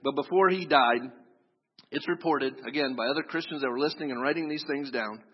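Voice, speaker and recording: A man's voice: on the high side, a little fast, breathy edge. A man preaching a sermon, telling a story and acting out the voices of its people. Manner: storytelling, acts out quoted voices. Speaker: pastor. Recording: echoey hall, dull lo-fi sound.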